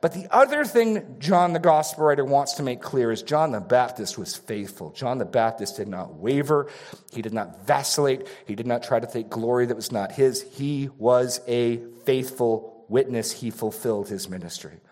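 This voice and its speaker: A male pastor preaching an expository sermon, repeating key phrases and swinging between raised emphasis and hushed asides. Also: mid-range voice, lively intonation, normal speed.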